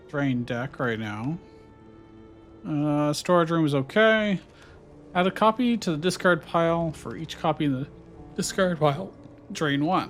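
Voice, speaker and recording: A man narrating his own gameplay in a relaxed, thinking-aloud way. His voice sits a little high, and he muses over options with frequent fillers. Faint music plays behind him. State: hiccuping. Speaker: gameplay streamer. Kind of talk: casual let's-play commentary.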